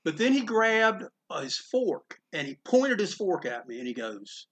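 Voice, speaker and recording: A man's voice: sits high, very animated, moderate pace, fairly bright tone. A man casually telling a story, chatty and full of restarts and asides. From Greensboro, North Carolina. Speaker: comic book store owner telling a story. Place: inside a comic book store.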